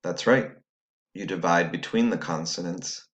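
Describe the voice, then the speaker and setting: A man's voice: sits low, measured pace, fairly bright tone. A man teaching a recorded phonics lesson, patiently explaining step by step to students at home.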